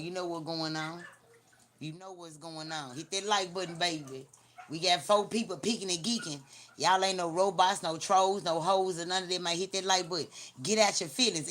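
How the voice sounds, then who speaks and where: At normal speed and in a lowish, fairly bright voice, a Southern-accented woman from Memphis, Tennessee runs a live stream. She chats in a teasing, slangy, blunt way and repeats herself a lot.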